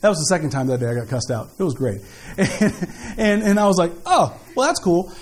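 A man preaching a sermon as pastor, in an animated, jokey, conversational way. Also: a little high, brisk. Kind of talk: sermon with storytelling.

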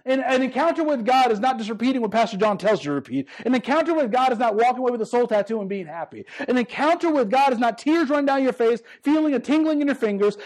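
High voiced guy preaching, emphatic, repeats himself, stumbles on restarts, drags out the big lines. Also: darkish tone. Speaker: pastor. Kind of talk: sermon.

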